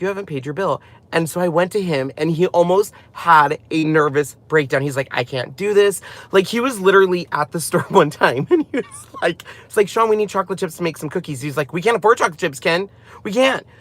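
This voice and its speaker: A man's voice: on the high side, fairly bright tone, dry recording. A man in his thirties hosting a casual live stream about his craft channel, chatty and rambling, often laughing as he talks.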